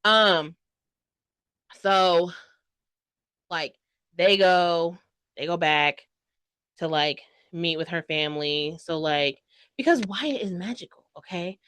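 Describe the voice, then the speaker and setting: A young woman talks through a book she loved in a loose, gushing vlog style, piling on fillers and dramatic asides. Her voice sits a little low for a woman. The recording is close and dry, with no room sound. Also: slow, long pauses, fairly bright tone, smooth, dry recording. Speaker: book reviewer. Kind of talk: casual book review vlog.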